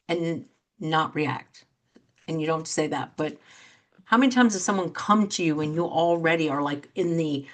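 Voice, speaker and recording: Speaking at a normal speed in a voice on the low side, a middle-aged host and coach delivers an earnest motivational monologue on her talk show. She dramatizes quoted reactions within her examples.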